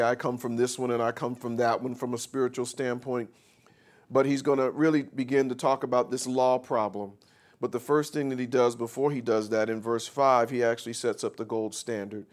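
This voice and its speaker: A man preaching a sermon, reading scripture slowly and explaining it, calling out questions for the congregation to answer. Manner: call-and-response with the congregation; reads scripture slowly then explains, rising louder and higher.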